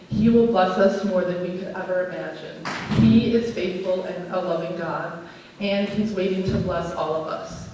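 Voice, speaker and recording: A woman's voice: on the low side, slight background noise. A woman, a pastor's wife giving an earnest, personal anniversary speech read from her notes in a church. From Minnesota, USA. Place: church sanctuary. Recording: echoey church hall, mic from a distance.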